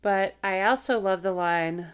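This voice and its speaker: A woman's voice: medium pitch, unhurried, clean tone. A woman guest on a podcast, chatting casually about a film and adding dry, wry remarks.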